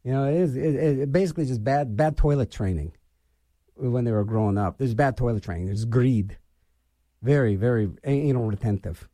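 A man's voice: mid-range voice, normal speed, dark tone, no echo, clean studio sound. A middle-aged man hosting a radio show and delivering an opinionated political rant, scornful and repeating his phrases for emphasis.

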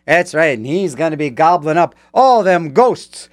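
Man, radio DJ, rambling and playful, animated voice, dry studio sound. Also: on the high side, measured pace, dry recording. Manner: rambling and playful, joking about ad copy. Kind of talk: casual radio chat.

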